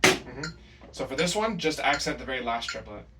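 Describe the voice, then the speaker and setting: A man teaching a drum lesson, counting and scatting the rhythms out loud. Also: mid-range voice, sing-song, moderate pace, loud music behind the voice. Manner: counts and scats rhythms aloud. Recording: far from the mic, drums playing loud.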